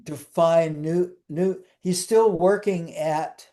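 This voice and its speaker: A man's voice: on the high side, slow, mellow. An older man, a guest in an interview, telling wry, rambling anecdotes with frequent restarts.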